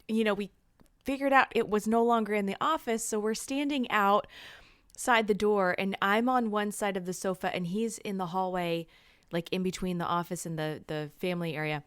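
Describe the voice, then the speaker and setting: A woman's voice: mid-range voice, fairly even intonation, normal speed, smooth, no echo, clean studio sound. A woman co-hosting a podcast, telling stories in an earnest, casual way. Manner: earnest, storytelling at length. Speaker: podcast co-host. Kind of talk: casual chat.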